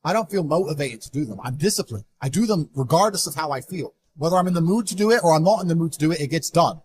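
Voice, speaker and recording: Fast-talking blunt man. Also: fairly high pitch, expressive. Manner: blunt, forceful, emphatic. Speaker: interviewee. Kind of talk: motivational interview talk.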